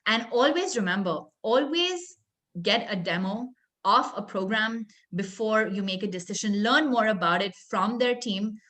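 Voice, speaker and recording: A woman wraps up her webinar talk in an easy, advising tone, pausing on soft fillers. Her voice sits at a middle pitch. She is heard over a video call. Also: fairly even intonation. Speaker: guest presenter. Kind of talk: webinar closing remarks.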